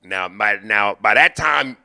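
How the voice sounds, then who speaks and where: A man hosting a podcast, telling profane, animated comic stories and acting out the people in them. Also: on the low side, measured pace. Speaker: podcast host. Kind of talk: comedic storytelling.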